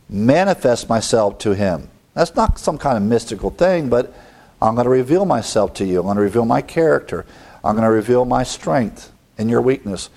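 A man's voice: mid-range voice, a little mellow. A middle-aged man preaching a sermon, emphatic, quoting scripture and asking the congregation rhetorical questions. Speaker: pastor.

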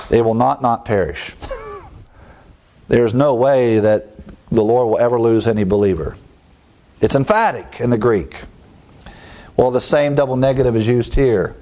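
A man preaching an expository sermon, explaining word meanings with emphatic rises in pitch and brief chuckling asides. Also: a little slow, pauses often, mellow. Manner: emphatic teaching, leaping up in pitch on key words, chuckling asides.

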